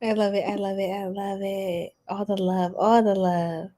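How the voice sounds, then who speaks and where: A bubbly, giggly woman hosting a tarot livestream, chatting with viewers, laughing often and gasping with excitement. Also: mid-range voice, normal speed. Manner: gasps and squeals with excitement. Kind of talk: live chat with viewers.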